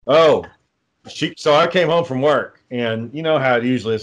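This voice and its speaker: A man's voice: medium pitch, fairly quick. A man telling dry, profane anecdotes in casual podcast chat. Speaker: co-host.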